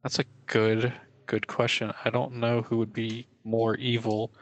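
A man's voice: mid-range voice, completely flat delivery, unhurried, dull audio. A young man co-hosting a podcast, telling stories in a rambling, casual way full of fillers. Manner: rambling, filler-heavy storytelling. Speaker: podcast co-host. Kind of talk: casual chat.

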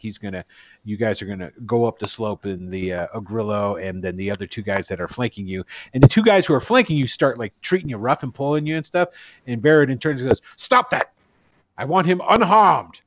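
A man running a tabletop game, narrating in a halting, chatty way full of ums and small laughs. His voice sits in the middle register. The sound is dry and close, but dull, like audio from an online call. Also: medium pitch, no echo. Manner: halting, many fillers, chuckling. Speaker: game master.

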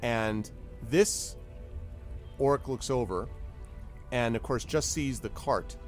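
A man's voice: mid-range voice, slow. Guy running a tabletop game, chatty and loose, lots of ums and little sound effects, faint music behind. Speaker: game master.

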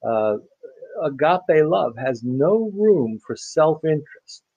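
Male pastor, dark mellow tone, chatty sermon, dull dry recording. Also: a little high, very animated, slow, no echo. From United States. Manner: conversational, many fillers and restarts. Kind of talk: sermon-style Bible teaching.

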